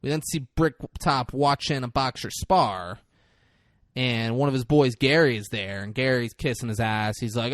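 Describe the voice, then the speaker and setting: A man co-hosting a podcast, casually retelling a film's scenes with animated delivery. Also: mid-range voice, normal speed, no room sound, clean studio sound. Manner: animated retelling with lively acted-out quotes. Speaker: podcast co-host recapping a film. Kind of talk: casual chat.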